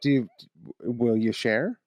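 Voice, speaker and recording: A man's voice: medium pitch, slow, darkish tone, dry recording, clean studio sound. A man hosting a podcast interview, giving brief, enthusiastic prompts and reactions. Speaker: podcast host. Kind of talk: casual interview.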